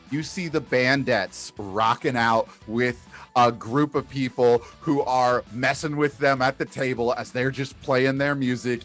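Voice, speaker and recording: A man running a tabletop role-playing game as game master, narrating scenes and calling for dice rolls. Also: mid-range voice. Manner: lively storytelling with quick put-on voices.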